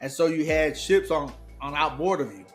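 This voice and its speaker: A young man with a fairly high voice chatting casually on a podcast. He tells profane anecdotes and keeps laughing, with faint music under him. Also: normal speed. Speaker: podcast guest. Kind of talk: casual chat.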